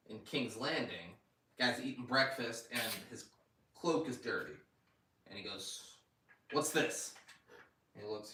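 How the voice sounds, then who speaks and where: A man co-hosting a casual review chat, acting out scenes with lively swearing and laughter. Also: fairly low pitch, recorded from a distance. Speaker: podcast co-host. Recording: roomy sound, a bit off-mic.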